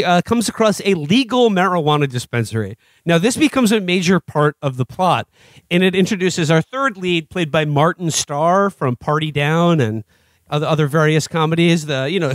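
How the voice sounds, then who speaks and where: A man's voice: a little high, no echo. A man co-hosting a comedy podcast, rambling through a TV review with frequent laughs and restarts. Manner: rambling, laughing, doing mock voices of characters. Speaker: podcast co-host. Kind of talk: casual comedic review chat.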